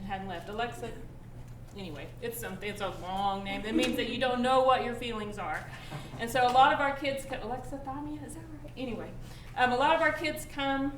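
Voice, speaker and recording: A woman gives a staff training talk in a room, casual and halting as she corrects herself. She is picked up from a distant mic, so the room echoes. Steady noise sits behind her. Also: fairly high pitch.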